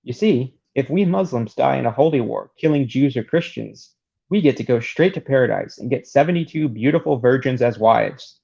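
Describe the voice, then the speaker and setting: A man's voice: mid-range voice, lively intonation, moderate pace, vocal fry, mellow, husky. A man reading the lines of a frightened male fighter fleeing in panic, in a near plain voice. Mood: distraught. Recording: dull lo-fi recording.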